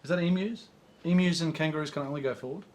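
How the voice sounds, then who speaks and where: A man's voice: on the high side, fast talker, darkish tone. A man with an Australian accent, co-hosting a casual golf chat, reading out viewer questions and teasing his friend. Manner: joking, teasing banter.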